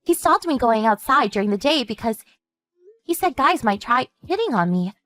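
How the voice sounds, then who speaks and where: Lively, high-pitched composed sister, a woman voicing her for an animated story. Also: no echo, soft background music. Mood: steady. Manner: measured, explanatory storytelling. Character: calm woman warning her sister about a stalker ex.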